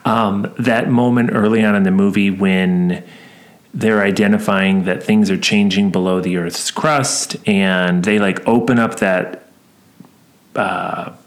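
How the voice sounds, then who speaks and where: A man's voice: fairly low pitch, steady tone, slow. Wry, playful podcast man. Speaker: podcast co-host. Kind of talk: casual film-review chat.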